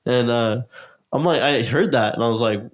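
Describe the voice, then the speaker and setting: A young man, a guest on a podcast, tells a long, rambling story in casual talk, full of fillers and acted-out quotes. His voice is medium-pitched and his pace moderate.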